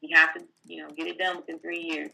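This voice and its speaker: A woman's voice: low-pitched, level tone, quick pace, vocal fry, bright, forceful tone, low-quality recording. A woman tax professional, a guest, explaining filing rules step by step in a plainspoken, casual way, with fillers. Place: California.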